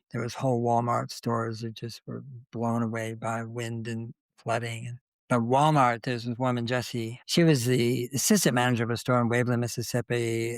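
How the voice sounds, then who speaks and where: A man's voice: mid-range voice, no echo. An older man as an interview guest, telling anecdotes in a conversational way and acting out the dialogue he quotes. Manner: anecdotal, acts out quoted dialogue, restarts often. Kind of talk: conversational storytelling.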